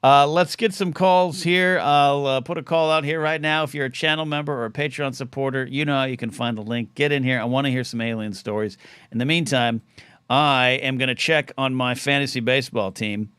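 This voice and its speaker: A man's voice: medium pitch, steady tone, brisk, fairly bright tone, clean tone, no echo. Guy hosting a live talk stream, rambly, keeps restarting his sentences, dry close sound. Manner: rambling, self-interrupting. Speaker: talk show host. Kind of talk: casual livestream chat.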